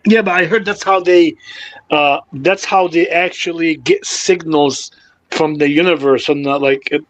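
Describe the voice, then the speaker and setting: A man's voice: a little high, steady tone, unhurried, low-quality recording. A man chatting casually on a livestream, rambling and laughing a lot.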